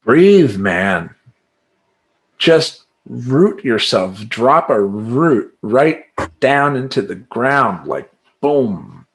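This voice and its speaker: Acting as a life coach, a man delivers a motivational monologue, emphatic and animated, chanting affirmations over and over in a steady rhythm. His voice sits in the mid range, and he stretches his words out.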